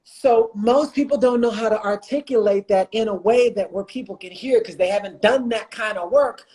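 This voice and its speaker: A man's voice: sits high, normal speed, a little mellow. A man speaking as a guest on a livestreamed interview, talking with passion and repeating phrases for emphasis. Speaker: guest, motivational speaker and coach. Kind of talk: impassioned conversation on a livestream. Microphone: phone or computer mic on a livestream.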